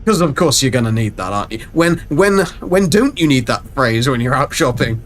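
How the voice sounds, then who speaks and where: A man's voice: medium pitch, sing-song, moderate pace, a little hiss or hum. A man chatting casually and rambling through a live game stream. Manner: chatty, rambling, self-mocking.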